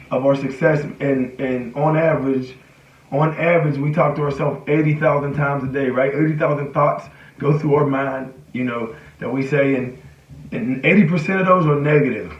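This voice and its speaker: A man's voice: mid-range voice, steady tone, moderate pace. Man, motivational speaker, casual talk, keeps saying "right?", roomy echo, dull lo-fi sound. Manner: conversational, repeats "right?" and "you know". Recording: echoey room, distant mic, dull sound.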